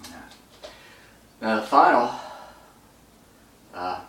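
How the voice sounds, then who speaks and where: A man's voice: fairly low pitch, animated, takes it slowly, a bit bright, echoey room, distant mic, low-quality recording. A man explaining a stretching routine while doing it, talking in short bursts between holds and breathing hard from the effort. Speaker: stretching instructor. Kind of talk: instructional demonstration.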